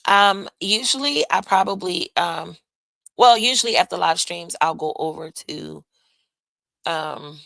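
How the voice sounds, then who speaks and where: A woman's voice: fairly low pitch, measured pace, gravelly, bright, forceful tone, no echo, poor audio. A woman hosting a live stream, chatting casually with viewers in a loose, profane way with laughing asides. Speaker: livestream host.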